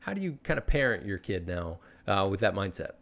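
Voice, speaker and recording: A man's voice: low-pitched, big pitch swings, brisk, creaky, fairly bright tone. A man in his thirties hosting a podcast interview, talking in a loose, rambling way with frequent swearing. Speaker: podcast host. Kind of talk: casual conversational interview.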